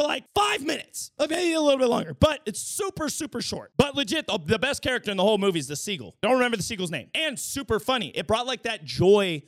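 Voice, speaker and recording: Guy ranting about a movie on his vlog, high voice swinging all over, yells now and then. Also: vocal fry, no echo, studio quality. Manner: animated and slangy, bursts into shouts. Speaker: movie reviewer. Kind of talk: casual vlog review.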